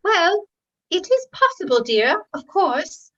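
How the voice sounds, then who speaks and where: A sweet, coaxing bridesmaid, played by a woman on stage, with a high, bright voice. The stage recording sounds dull. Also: sing-song, slow pace, full character voice.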